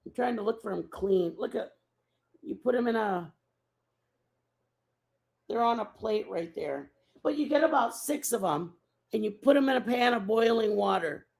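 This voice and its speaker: A woman's voice: fairly high pitch, lively intonation, normal speed, gravelly, pauses often, darkish tone. A woman hosting a casual live stream, rambling and chatting with her viewers and answering their messages by name.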